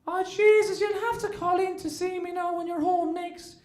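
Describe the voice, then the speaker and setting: A man doing a pushy older Irish aunt, her voice pitched high and piercing as she fires off nosy questions. It rings out in an echoey club room. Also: fairly even intonation, normal speed, a little mellow. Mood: prying.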